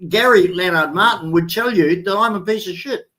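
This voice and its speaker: A man's voice: high-pitched, normal speed, sharp tone, rough recording. An Australian man hosting a livestream, talking indignantly and repeating himself when worked up. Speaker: livestream host. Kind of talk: heated livestream chat.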